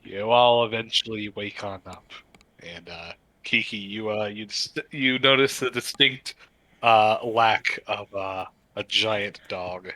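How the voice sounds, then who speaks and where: A man narrating as game master of a tabletop game, halting often with fillers as he describes the scene. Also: lowish voice, bright, forceful tone, no echo, rough recording. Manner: halting narration with many uhs.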